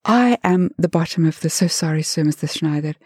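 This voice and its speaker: A flustered young woman, voiced by a woman storyteller, hesitant and apologetic, with a low, husky voice. The sound is close and dry. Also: expressive, a little fast, darkish tone, dry recording.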